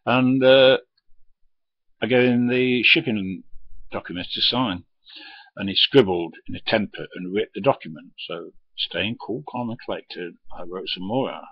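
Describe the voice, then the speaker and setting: At an unhurried pace, with a fairly low, breathy voice, the former lorry driver bluntly shares tales from his haulage years, swearing heavily and mimicking the people in them. The lo-fi audio has no echo.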